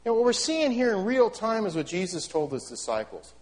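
A middle-aged man delivers a sermon in a chatty, animated style, throwing rhetorical questions and wry asides at his listeners. His voice sits fairly high for a man and swings widely in pitch, rising and falling as he preaches. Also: a little fast, few pauses. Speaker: pastor.

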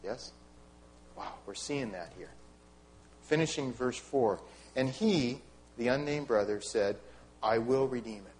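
A middle-aged male pastor preaching a sermon in a conversational, animated way, asking the congregation rhetorical questions and adding wry asides. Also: mid-range voice, measured pace, long pauses, slight background noise.

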